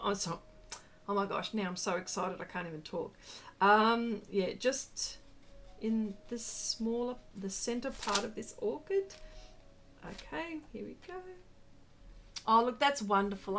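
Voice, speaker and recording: A woman's voice: medium pitch, fairly bright tone, a little hiss or hum. A middle-aged woman, hosting a casual art livestream, effusively reading out viewer comments while she paints. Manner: gushing, effusive, reads viewer comments aloud.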